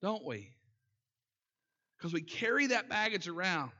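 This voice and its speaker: High, bright-voiced pastor. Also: male voice, sing-song, unhurried, muffled recording. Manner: folksy, asks the congregation questions, laughs at his own jokes. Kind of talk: sermon.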